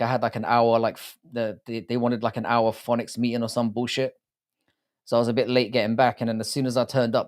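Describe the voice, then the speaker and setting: A man's voice: mid-range voice, darkish tone. British male streamer, casual and foul-mouthed, reads out and greets his chat. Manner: crude, swears often, greets chat by name. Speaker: live-stream host.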